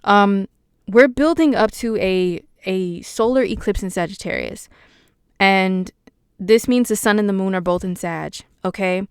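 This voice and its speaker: A woman's voice: medium pitch, unhurried, smooth, no room sound, studio quality. A woman with a West Coast American accent, hosting a casual horoscope talk for viewers in a chatty, playful way, with slangy asides. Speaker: astrologer, channel host.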